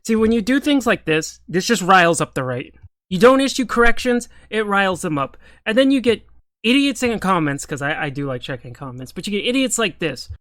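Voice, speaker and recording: A man's voice: high-pitched, animated, a little fast, a bit bright, no echo. A man ranting in political commentary, exasperated, sarcastic and profane.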